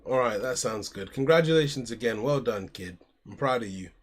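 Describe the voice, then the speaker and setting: A man's voice: medium pitch, lively intonation, a little fast, slightly rough. An American man streaming from home, chatting casually and talking his card game moves through aloud, calling people "mate". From United States. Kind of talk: casual live-stream chat and game commentary.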